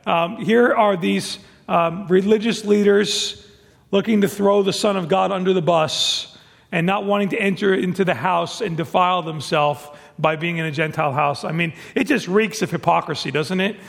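High-voiced preacher man with gravelly edge. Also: moderate pace, long reverb tail. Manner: earnest, repeats words when emphatic. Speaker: pastor. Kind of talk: sermon.

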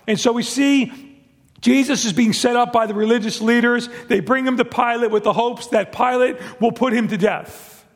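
An earnest male pastor delivering a sermon, his voice pitched high with a gravelly rasp. He stumbles and repeats words as he presses his points. The sound rings with the long reverb of a church hall.

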